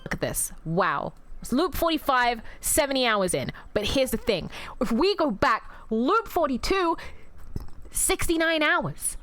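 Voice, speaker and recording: A woman's voice: high-pitched, big pitch swings, unhurried, fairly bright tone, faint music behind. A woman streamer rambling through emotional live commentary on a game, swearing freely and talking back to chat.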